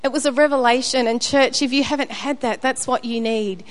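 A woman's voice: high-pitched, steady tone, a little fast, big-room sound. A woman giving a candid sermon at church, sharing a personal testimony with frequent restarts and fillers. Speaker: speaker at church.

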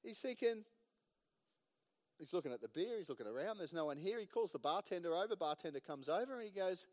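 A pastor preaches in a sermon, his voice high and lively as it swings up and down. He keeps it light, slipping in jokes and fillers. A long hall reverb trails behind his words. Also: brisk. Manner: jokey, chuckles at his own jokes, filler-heavy.

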